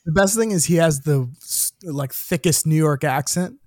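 A man with a slightly high voice tells stories in casual podcast chat, laughing often and cursing freely. He sounds close and dry, with no room around him. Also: normal speed, no echo. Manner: animated storyteller, laughs often, swears casually.

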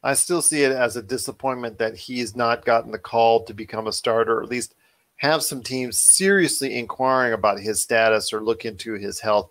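A man at an ordinary pitch hosts a casual football talk show. He argues his points earnestly and circles back to repeat them, often trailing off mid-thought. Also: moderate pace, fairly bright tone. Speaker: podcast host.

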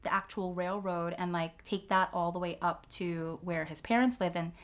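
A woman's voice: lowish voice, fairly even intonation, normal speed. A woman in casual chat, telling a personal story candidly and with lots of swearing and "like" fillers. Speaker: guest telling her story.

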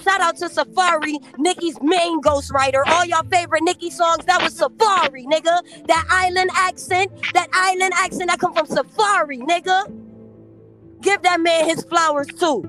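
A woman's voice: extremely high pitch, steady tone, moderate pace, bright, forceful tone, soft background music. A woman on a podcast, ranting in a brash, profane, confrontational way. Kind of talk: heated casual podcast talk.

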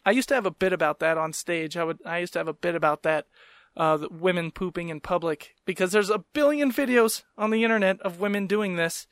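Young man, podcast host, profane comic rant, exasperated, higher-pitched voice. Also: fairly quick, dry recording, clean studio sound. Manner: profane, exasperated, animated storytelling. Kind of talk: casual comedic rant.

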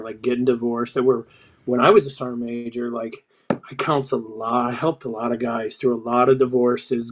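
A middle-aged man, a retired sergeant major, speaking as a podcast guest in a blunt, profane, storytelling way. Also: medium pitch. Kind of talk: casual interview chat.

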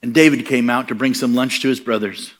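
Middle-aged male preacher, mid-pitched voice, punchy storytelling delivery. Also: fairly even intonation, fairly quick. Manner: storytelling preacher, acts out quoted voices, rising emphatic punches. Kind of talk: sermon.

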